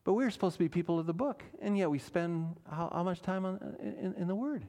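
A man's voice: high voice, fairly quick, warm tone. A man, a pastor, preaching a sermon in church, earnest and emphatic, asking his listeners questions.

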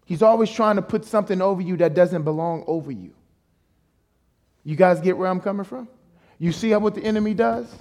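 A male guest preacher with a voice pitched high for a man. He preaches emphatically and fires rhetorical questions at the room. He keeps calling on the congregation to answer back. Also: brisk, a little mellow. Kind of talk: sermon.

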